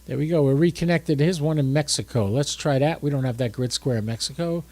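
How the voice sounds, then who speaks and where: A man's voice: on the high side, a little fast, mellow, no room sound. A drowsy, tired man hosting a casual livestream, chatting and thinking aloud as he works his ham radio gear. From United States.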